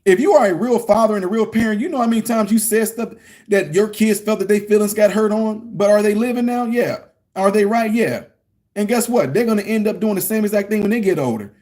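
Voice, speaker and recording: A man's voice: high-pitched, fairly quick, darkish tone. A middle-aged man giving a casual commentary rant, emphatic and preachy, repeating his points. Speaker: political commentary vlogger.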